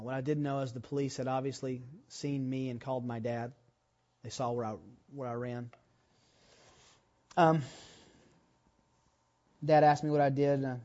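Storytelling male pastor, lo-fi sound. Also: mid-range voice. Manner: storytelling, builds to loud emphatic preaching. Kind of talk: sermon.

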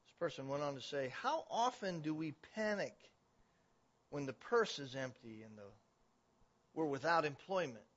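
Man, preacher, high voice, sermon, emphatic rising declarations, dull lo-fi recording. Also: expressive, moderate pace, long pauses, fairly bright tone, husky. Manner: swells to emphatic, raised declarations.

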